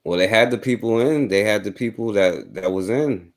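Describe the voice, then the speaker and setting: A man's voice: fairly low pitch, normal speed. A man hosting a talk radio show, laid-back, agreeing with his guest and greeting the live chat. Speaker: host.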